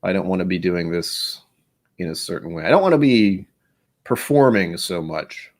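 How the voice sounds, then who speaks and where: Man, very low voice, casual whiskey livestream host, rambling, self-deprecating. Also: moderate pace.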